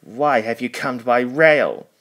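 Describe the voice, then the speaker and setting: A man's voice: medium pitch, takes it slowly, a bit bright, voice pushed up. A man reading aloud, voicing a stern male railway boss in a storybook, speaking crossly with a raised voice.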